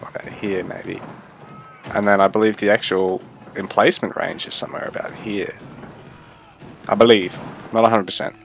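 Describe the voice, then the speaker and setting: A young man giving casual, chatty game commentary, thinking aloud in a fairly even delivery. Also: lowish voice, moderate pace, creaky, long pauses, slight background noise. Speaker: esports caster.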